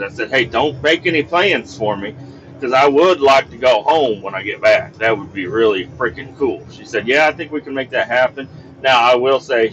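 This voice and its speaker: A man's voice: mid-range voice, dull audio, slight background noise. A man telling a work story as a podcast host, casual and profane, acting out what people said. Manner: profane, animated storytelling, acts out quoted dialogue.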